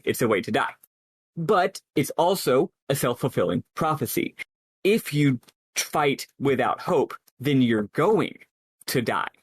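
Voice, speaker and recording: A man in a casual podcast discussion, his voice at a middle pitch. He thinks out loud, circling back with frequent fillers and restarts. The sound is dry and close. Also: dry recording. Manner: thoughtful, rambling with many fillers. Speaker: podcast co-host.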